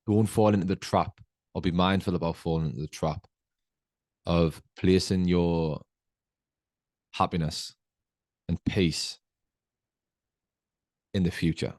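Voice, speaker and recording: Podcast host, male, very low voice, dry close mic; earnest motivational monologue, slow and emphatic. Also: steady tone, darkish tone, no echo.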